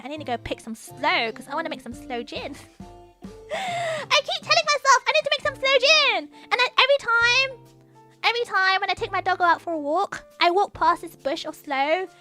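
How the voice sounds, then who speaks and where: A young woman with a British accent and a very high, bright voice that swoops lively up and down. She chats in a bubbly, quick way as a streamer, with faint music playing behind her. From United Kingdom. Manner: bubbly, chatty and quick-talking. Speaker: VTuber streamer. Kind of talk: casual chat.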